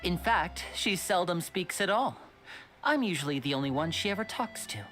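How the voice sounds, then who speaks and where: Polite, smooth young male showman; game dub, soft and even. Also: high-pitched, moderate pace. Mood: calm. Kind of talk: video game voice acting. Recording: game audio with music behind.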